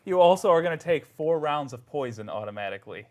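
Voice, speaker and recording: A man's voice: on the high side, expressive, a little mellow, a little hiss or hum. Man running a tabletop game. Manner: vivid, drawn-out scene narration. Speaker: game master.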